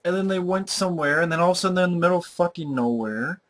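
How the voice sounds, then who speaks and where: A man giving a ranting movie review, swearing freely and sounding exasperated and animated. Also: high voice, rapid-fire. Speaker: film reviewer.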